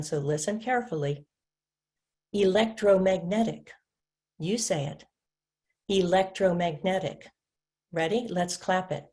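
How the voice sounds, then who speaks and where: A woman presenting a literacy webinar, patiently explaining and modeling words slowly for students to repeat and clap. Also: on the low side, warm tone. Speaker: literacy instructor. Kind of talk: webinar teaching demonstration.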